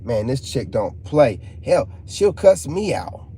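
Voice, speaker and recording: A man's voice: mid-range voice, very animated, takes it slowly, warm tone, slightly rough. A man, hosting a casual live stream, joking and reading chat aloud. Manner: joking, laid-back, reads chat aloud. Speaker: channel host talking to live chat.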